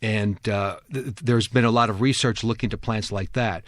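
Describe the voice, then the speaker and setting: A man's voice: fairly low pitch, steady tone, normal speed, dry recording. A man from New Jersey who hosts a radio garden show, a horticulturist who chats with enthusiasm and talks at length in a studio. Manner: chatty, enthusiastic, talkative. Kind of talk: casual on-air chat. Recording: dry studio sound.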